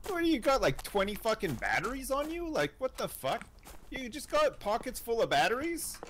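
Teasing, sweary gaming host. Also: male voice, very high-pitched, wildly swooping pitch, moderate pace, background noise. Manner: teasing, sweary, sing-song taunts. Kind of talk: casual gaming chat with friends.

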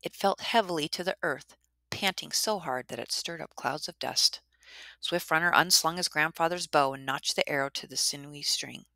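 A woman narrates a traditional story at a measured, dramatic pace. Her voice sits low and sounds bright and dry. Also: vocal fry, no echo.

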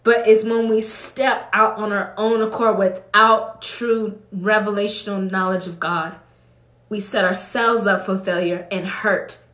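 A woman preaching with deep feeling, her voice sitting at a middling pitch and climbing high whenever she presses a point. Her speech carries the echo of a roomy space. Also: fairly bright tone. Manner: emotional, builds to fervent high exclamations. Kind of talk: impassioned preaching.

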